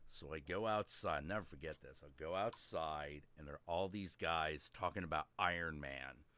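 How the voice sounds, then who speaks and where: A man hosting a live stream, telling a story in a casual, profane and animated way. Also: a bass voice, moderate pace. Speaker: host.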